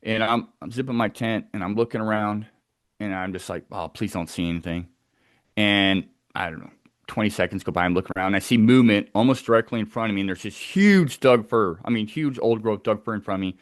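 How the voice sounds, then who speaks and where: Low-voiced man telling a tense story. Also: quick pace, no echo, clean studio sound. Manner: tense, vivid storytelling that acts out sounds. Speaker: eyewitness telling of a wilderness encounter. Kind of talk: first-person storytelling.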